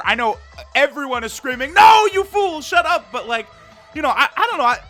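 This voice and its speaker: A man's voice: high voice, sharp tone. A young man giving casual commentary on a mobile game, chatty and loose, often tossing in "right?" and "you know.". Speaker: gaming YouTuber.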